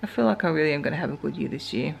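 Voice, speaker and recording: An Australian vlogger in her forties chats casually in a home vlog, rambling and laughing as she talks to her dogs, out of breath from exercising. Her low-pitched voice is expressive, rapid-fire and creaky, with a little hiss or hum in the audio.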